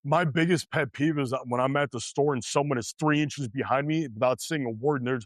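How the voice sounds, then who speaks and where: A man's voice: mid-range voice, a little fast, no echo. A man hosting a podcast, delivering a blunt motivational monologue in an emphatic, preachy way and repeating his points. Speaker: podcast host.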